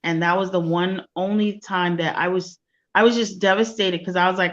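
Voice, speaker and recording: A woman guest recounting a personal story in an interview, speaking quietly and softly. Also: lowish voice, fairly even intonation, normal speed, muffled recording. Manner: soft-spoken, quiet storytelling.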